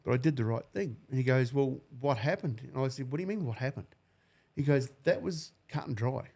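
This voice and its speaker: Gravelly, blunt man in his forties. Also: mid-range voice, lively intonation, a little fast, darkish tone. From New Zealand. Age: 40s. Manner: blunt, profane storytelling. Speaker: guest. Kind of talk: emotional personal account.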